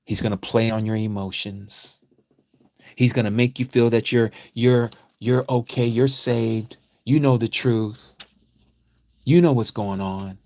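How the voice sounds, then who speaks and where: A man teaching a livestreamed scripture lecture, preaching emphatically and repeating phrases, his voice swinging from quiet to loud. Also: mid-range voice, steady tone, a little slow, no echo. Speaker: Bible study teacher.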